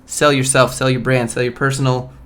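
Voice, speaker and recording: A man's voice: mid-range voice, little pitch movement, fairly quick, a bit bright. A man on a casual live stream who reads job listings aloud and riffs on them in a blunt, joking way. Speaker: streamer reviewing job postings.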